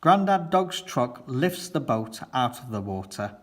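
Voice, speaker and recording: A man reads a children's picture book aloud, gentle and friendly toward young listeners. His voice sits at an ordinary pitch, steady storytelling. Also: a little slow.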